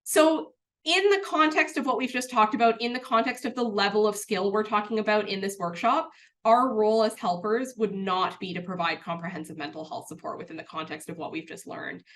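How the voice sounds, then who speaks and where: A woman's voice: mid-range voice, fairly quick, fairly bright tone. A woman presenting a workplace training webinar in an earnest, conversational way, with a touch of self-deprecating humour.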